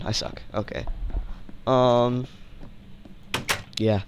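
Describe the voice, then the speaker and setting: A young man hosting a casual gaming video, rambling and joking, swinging from mumbles to shouts. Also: medium pitch, steady tone, slow, smooth. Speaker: gaming channel host.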